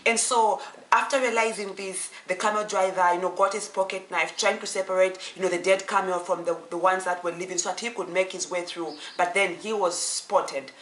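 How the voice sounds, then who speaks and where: A woman's voice: lowish voice, fairly even intonation, a little fast, few pauses, fairly bright tone, slight background noise. A woman telling a story casually and off the cuff, full of restarts and "you know" fillers, slipping into the characters' lines as she goes. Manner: acts out the characters' lines in quoted voices. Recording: echoey room with faint ambience.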